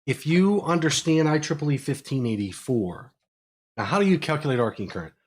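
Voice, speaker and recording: A man from Pittsburgh with a Pittsburgh accent, hosting a live technical Q&A and explaining electrical code in quick, energetic bursts with frequent fillers. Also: a little high, breathy edge. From Pittsburgh, USA. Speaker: electrical engineering educator.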